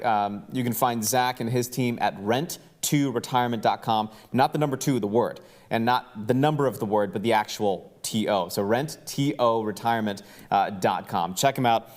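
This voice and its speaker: A man hosting a podcast, talking casually with plenty of fillers and jokes. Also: medium pitch. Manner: jokey, loose, lots of fillers. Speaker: podcast host.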